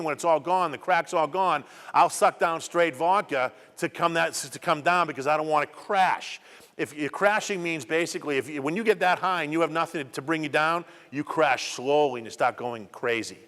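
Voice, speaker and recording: In a community program hall, a middle-aged guest speaker recounts his life story to students with emphatic repetition. He speaks in a slightly high, somewhat bright voice, and long hall reverb trails his words.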